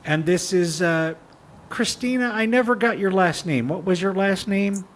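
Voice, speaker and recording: A man's voice: sits high, normal speed, a little hiss or hum, close to an everyday voice. A man voicing a polite, formal time-traveler leader in a tabletop role-play. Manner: formal, addresses people as ma'am and sir.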